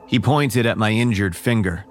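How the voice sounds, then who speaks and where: A man narrating a first-person horror story in a measured, wary tone. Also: on the low side, soft background music.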